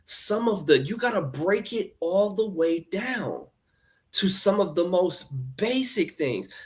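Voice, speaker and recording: Earnest man, lively preachy talk. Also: sits high, takes it slowly. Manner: earnest, repetitive, addresses viewers as y'all. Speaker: motivational live streamer. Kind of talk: casual motivational talk.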